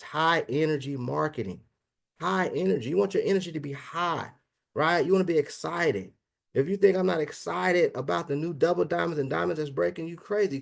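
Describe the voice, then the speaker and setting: A man with a high, gravelly voice delivers an energetic motivational business pitch to an online audience. He keeps it casual, tossing in "man" and "guys," and punches each point with a quick "right?". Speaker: business presenter. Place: online video meeting.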